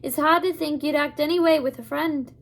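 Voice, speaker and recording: A woman reading aloud voices an old Scottish man, a friendly wagon driver, in a put-on Scottish accent with loud, emphatic delivery. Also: high voice, fairly even intonation, a little fast, gravelly, pitched above the performer's own voice. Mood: amused.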